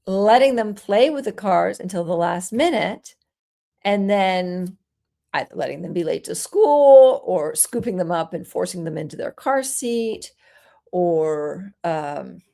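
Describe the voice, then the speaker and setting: A woman parenting coach giving a solo talk, explaining calmly and acting out soothing things a parent might say. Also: fairly low pitch, unhurried, vocal fry. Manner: gentle, explanatory, acts out soothing parent lines.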